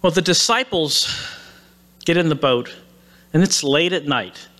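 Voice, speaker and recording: A male preacher retelling a Bible story in a sermon, in a lively manner with casual asides. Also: on the high side, unhurried.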